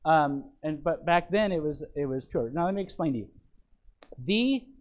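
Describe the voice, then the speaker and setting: Man, pastor, sermon lesson, fairly high voice, keeps asking "okay?". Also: expressive, normal speed, rough recording. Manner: checks in often with the room, repeats phrases, restarts. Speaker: pastor teaching a Bible lesson. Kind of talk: sermon teaching from an outline.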